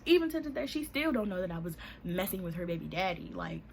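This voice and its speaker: A woman's voice: on the low side, very animated, fast, creaky, slight background noise. A young woman, casually telling a storytime vlog and acting out the people in it with raised voices. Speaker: vlogger.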